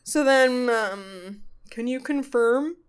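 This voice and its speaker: A woman hosting a podcast in casual comedic chat, animated, swearing freely and acting out quotes. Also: on the high side, takes it slowly, clear, resonant tone. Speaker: podcast host. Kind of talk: casual comedic chat recapping a ghost show.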